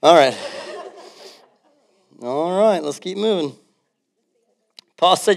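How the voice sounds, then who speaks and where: A male pastor preaching a sermon in a church, animated and full of stories. His voice sits a little high for a man, and he slips into acted-out quotes and laughter as he goes. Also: takes it slowly, creaky, pauses often.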